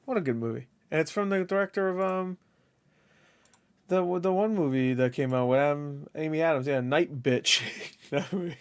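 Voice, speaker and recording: A man's voice: on the high side, normal speed, clean tone. Rambling, foul-mouthed male reaction host. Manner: rambling, profane, laughs often. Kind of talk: casual commentary over a video.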